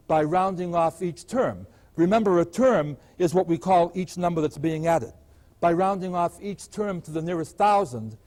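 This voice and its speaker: Older man lecturing on math, slightly high. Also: darkish tone. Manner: patient, asks the class rhetorical questions. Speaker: math professor.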